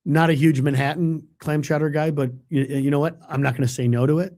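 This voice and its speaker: A middle-aged TV meteorologist hosts a live webcast, chatting casually and reading viewer comments aloud. His voice is a little high and darkish, with fairly even intonation and a brisk pace. He rambles, pokes fun at himself, and uses lots of fillers.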